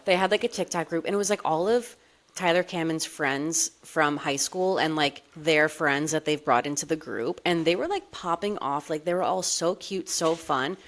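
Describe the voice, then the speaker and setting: A woman's voice: low voice, normal speed. A woman co-hosting a podcast in casual chat, peppering her talk with "like". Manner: chatty, heavy use of "like". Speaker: podcast co-host.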